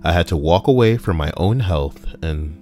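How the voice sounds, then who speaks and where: Streamer, male: a very low voice, reads posts aloud and adds crude jokes, with faint music underneath. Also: expressive, normal speed. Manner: crude, joking asides between readings. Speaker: streamer reading online posts. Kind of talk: casual livestream reading.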